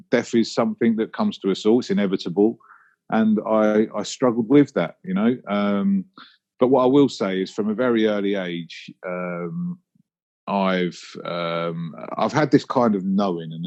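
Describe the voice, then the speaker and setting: A man's voice: low voice, a little mellow, muffled recording. A man with a Cockney London accent, hosting a solo podcast and telling personal stories in a reflective way. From London, England. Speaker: podcast host. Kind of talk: casual solo podcast monologue.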